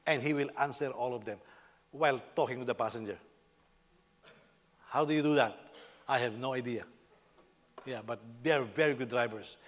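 A man's voice: mid-range voice, big-room sound. A Filipino man, a senior pastor, giving a humorous, conversational sermon.

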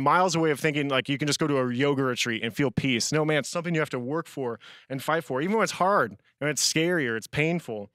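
Here a youth speaker with a fairly high pitch tells stories in a casual sermon, recorded dry. "Man" shows up in nearly every sentence of his animated delivery.

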